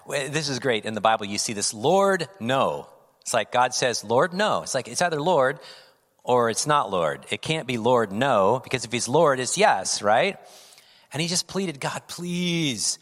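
A man preaches to his congregation with an animated, conversational delivery and often slips into acted-out pleas. His voice sits at an ordinary middle pitch. The sound carries the long reverb of a large hall. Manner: animated, acts out quoted pleas, laughs often. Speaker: pastor. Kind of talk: sermon.

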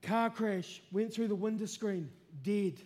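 A man preaching with a strikingly high voice for a man. He tells his testimony with earnest feeling and rises to impassioned, shouted declarations. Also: a little slow. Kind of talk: testimony sermon.

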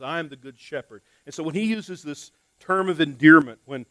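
A man preaching a conversational sermon, full of rhetorical questions and repeated words, dropping to soft asides and rising to loud emphasis. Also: a little high, dry recording, poor audio. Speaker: pastor.

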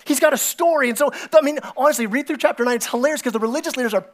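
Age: adult. Sex: male. Role: pastor. Style: sermon in a church, conversational and animated, acting out characters. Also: very high voice, rapid-fire. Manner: animated storytelling, acting out biblical characters with excited voices; conversational, repeats words and restarts often. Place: church sanctuary.

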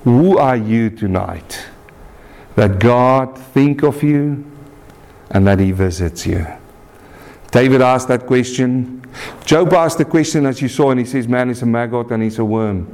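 A man from South Africa delivers an earnest sermon at a deliberate pace. His voice sits in a middle register and climbs high when he tells a story. He closes in prayer. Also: darkish tone. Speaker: preacher.

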